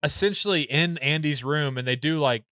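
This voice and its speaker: Smooth-voiced man telling a rambling story. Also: a little high, normal speed, no room sound. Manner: rambling, animated, lots of fillers and restarts. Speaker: podcast co-host. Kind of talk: casual comedic storytelling.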